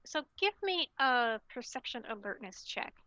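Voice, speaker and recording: A woman narrating a tabletop game as storyteller, relaxed and rambling, with lots of filler sounds. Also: a little high, normal speed, no room sound, poor audio.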